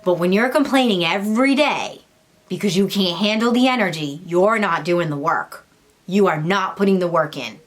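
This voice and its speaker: A woman's voice: lowish voice, normal speed. A young woman talking casually about spiritual awakening to her viewers, blunt and full of swearing, sometimes acting out the voices of others. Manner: blunt, swears freely, laughs, acts out quoted voices. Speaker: spiritual vlogger. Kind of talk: casual spiritual talk to camera.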